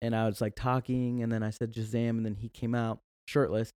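Young man, guest in a casual chat, animated storyteller, dry close sound. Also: medium pitch, fairly quick, clean tone, no room sound. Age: young adult. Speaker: podcast guest.

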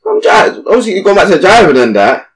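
Animated young man telling a story. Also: sits high, fast talker. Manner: animated, slangy, acts out voices in his stories. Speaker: podcast co-host. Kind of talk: casual storytelling chat.

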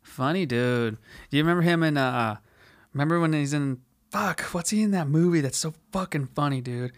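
A man's voice: on the high side, normal speed, dry recording, clean studio sound. A man in his twenties from California, hosting a podcast in a rambling, profane solo rant that leans on "dude" constantly. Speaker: podcast host.

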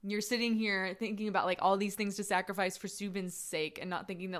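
A woman's voice: mid-range voice, fairly even intonation, brisk, fairly bright tone. A woman co-hosting a casual podcast, giving her take on a drama and laughing easily. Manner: reflective, giggly, gives opinions with restarts. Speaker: podcast co-host. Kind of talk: casual chat.

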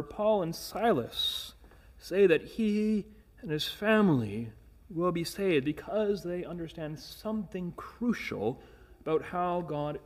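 High-voiced man preaching earnestly. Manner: earnest, emphatic preaching with rhetorical questions and word repeats. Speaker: pastor. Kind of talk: sermon.

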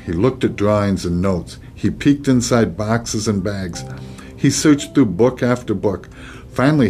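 A man's voice: lowish voice, darkish tone. A man hosting a podcast, reading a children's storybook aloud with chatty, joking asides.

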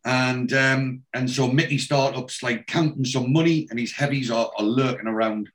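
A man's voice: medium pitch, fairly even intonation, moderate pace. Chatty man recapping a TV episode. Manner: chatty, retelling scenes with quoted lines. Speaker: podcast host. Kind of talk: casual chat recapping a TV episode.

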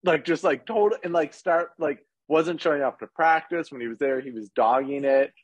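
A man co-hosting a podcast, talking in an animated, sarcastic way about football. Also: normal speed, breathy edge, dry recording, muffled recording. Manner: animated, sarcastic, quotes others in lowered voices. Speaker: podcast co-host. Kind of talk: casual sports chat.

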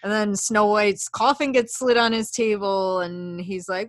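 A woman casually recapping a film for a podcast. She rambles with lots of fillers and acts out lines, in a middle-pitched voice with a dry, close sound. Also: fairly even intonation, measured pace, no echo. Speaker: podcast co-host.

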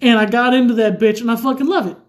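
Man, high-pitched, profane, boisterous, casual podcast chat. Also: fast talker. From Texas. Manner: profane, boisterous, keeps saying "all right" and "look". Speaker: podcast co-host. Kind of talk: casual chat over drinks.

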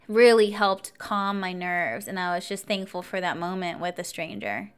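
A woman in her twenties telling a story in a casual vlog, animated and chatty, full of fillers. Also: on the low side, normal speed, few pauses, clean tone. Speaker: vlogger.

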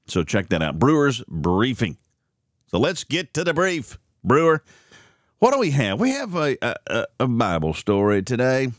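A man's voice: dry recording, studio quality. A man hosting a morning radio and podcast program, rambling and opinionated in casual commentary. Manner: opinionated, rambling, animated pitch swings.

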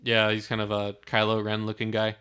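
A man's voice: on the low side, completely flat delivery, brisk, bright, forceful tone, clean tone. A man in casual movie chat, enthusiastic and often trailing off while searching for words.

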